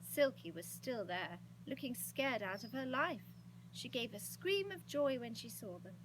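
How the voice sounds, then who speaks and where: Expressive woman reading a children's story. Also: a little high, measured pace, background noise. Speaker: storybook reader. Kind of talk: children's story read-aloud.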